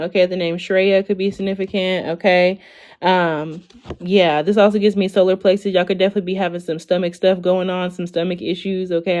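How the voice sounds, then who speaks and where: Chatty young woman tarot reader, lower voice. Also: a little mellow. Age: 20s. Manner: chatty, ends lines with "okay?", lots of "like" and "y'all". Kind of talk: casual tarot reading livestream.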